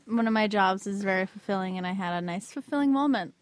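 A woman's voice: mid-range voice, a little fast, no echo. A young woman on a casual podcast, talking cheerfully about her week. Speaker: podcast co-host. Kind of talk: casual chat.

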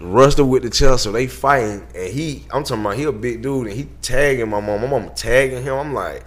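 A man telling animated, profane stories as an interview guest and acting out the people he quotes. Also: mid-range voice, a little fast, a loud crowd. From Southern United States. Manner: profane, acts out quotes in voices. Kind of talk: animated storytelling.

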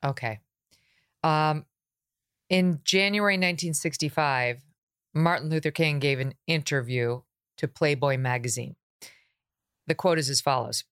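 A woman hosting a podcast, her voice sitting on the low side and recorded dry and close. She talks bluntly and emphatically, pressing her points with open disbelief. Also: unhurried, pauses often, a bit bright, clean tone, no echo. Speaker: podcast host. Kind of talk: interview podcast.

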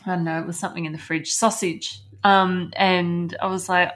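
A woman's voice: on the low side, fairly even intonation, a little fast, few pauses, fairly bright tone. Chatty woman co-hosting. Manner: chatty, laughs often, acts out her child's words. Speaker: podcast co-host. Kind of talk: casual chat.

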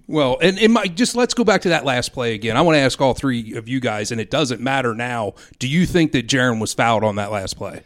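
A man's voice: medium pitch, expressive, fairly quick, few pauses, fairly bright tone. A man hosting a casual sports podcast, asking his guests pointed questions. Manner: curious, questioning.

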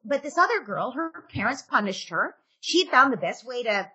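A woman's voice: on the high side, very animated, normal speed, bright, forceful tone, slightly rough. A woman who is a parenting author, giving advice in a podcast interview, earnestly checking in with "right?" as she makes her points. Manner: acts out parent and child quotes.

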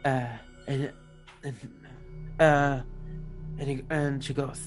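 Male game master, halting narration, music behind. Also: medium pitch, little pitch movement, poor audio. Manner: hesitant, lots of fillers and restarts.

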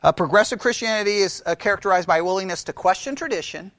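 A man's voice: high voice, quick pace, fairly bright tone, no room sound. A man lecturing a Bible class in a conversational way, quizzing his listeners and repeating key phrases.

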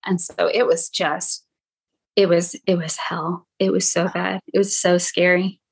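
A young adult woman, a podcast guest, telling her own painful story in a halting way, with many "like" fillers. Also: lowish voice, flat delivery, vocal fry, breathy edge. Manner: halting, frequent "like" fillers, quotes others in raised voice. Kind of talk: emotional personal storytelling.

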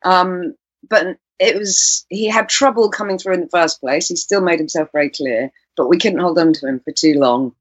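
A woman with a low voice recounts a personal experience as an interview guest, earnest and pausing to search for words. Her tone is husky, and the recording is close and dry with no room sound. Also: dry recording. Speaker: guest, composer and musician.

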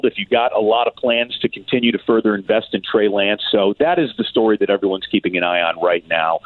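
A man's voice: on the low side, no echo. A man calling into a sports radio show as a guest, giving blunt, opinionated analysis over a tinny phone line.

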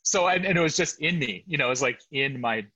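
Rambling man with a bright, forceful voice. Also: fairly high pitch, animated, fast, husky, dry recording, low-quality recording. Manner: rambling, self-interrupting storyteller. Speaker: guest. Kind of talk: casual interview chat.

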